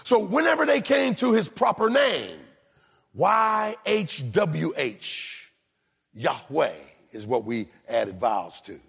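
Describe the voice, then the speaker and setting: Raspy, gravelly-voiced preacher man in a reverberant hall. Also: sing-song, takes it slowly. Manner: preaching with big swings between shouts and low, quiet asides. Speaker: pastor. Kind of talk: sermon.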